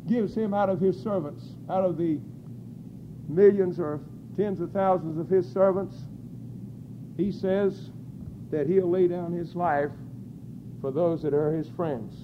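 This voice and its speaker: A man preaching a sermon, crying out scripture at full force and then dropping to quiet, low asides. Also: fairly even intonation, a little slow, lo-fi sound, slight background noise.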